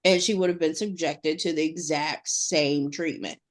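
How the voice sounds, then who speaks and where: A woman's voice: sits low, fairly even intonation, normal speed. A woman co-hosting a podcast in casual chat, rambling with lots of fillers and restarts. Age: adult mother. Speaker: podcast co-host.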